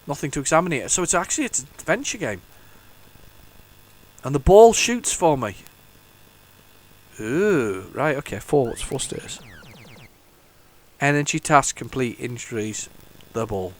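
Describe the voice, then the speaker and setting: This retro gaming YouTuber has a mid-range voice and is very animated, speaking at normal speed but pausing often. He chats casually while playing old computer games, rambling and stumbling over his words with many restarts.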